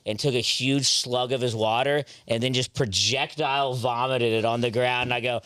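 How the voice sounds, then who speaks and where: Young guy on a podcast, rambling, says like a lot, mid-pitched. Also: steady tone, moderate pace, a bit bright, clear, resonant tone, dry recording. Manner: rambling storyteller, full of "like" and swearing. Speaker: podcast co-host. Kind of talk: casual chat.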